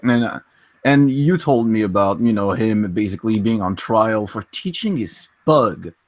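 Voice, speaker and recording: A man's voice: on the low side, expressive, normal speed, no echo. Earnest male guest, dry close sound. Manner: earnest, many fillers like 'like'. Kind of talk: casual livestream chat.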